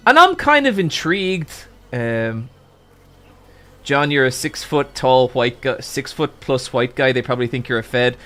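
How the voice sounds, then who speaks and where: A man streamer telling a long story in a casual, animated way, swearing freely and jumping into excited exclamations. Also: mid-range voice, measured pace, faint music behind.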